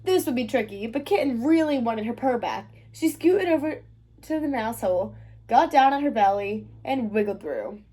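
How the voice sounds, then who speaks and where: A woman from the United States reading a children's picture book aloud, expressive and sing-song. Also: a little high, normal speed, slightly rough. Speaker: children's book reader, channel host. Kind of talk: read-aloud storytelling.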